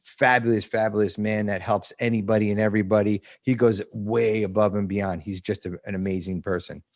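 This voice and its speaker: A man's voice: lowish voice, steady tone, brisk, a little mellow. Blunt, profane man in his fifties. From New Jersey. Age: 50s. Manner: blunt and profane, with frequent laughs. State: emotional. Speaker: podcast guest. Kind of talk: casual recovery interview.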